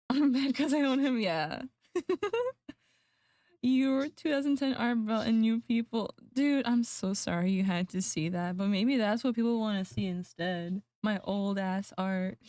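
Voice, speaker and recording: A woman's voice: medium pitch, unhurried, darkish tone, no room sound. A woman streamer chatting casually with her viewers, laughing often and mocking herself. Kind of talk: casual livestream chat.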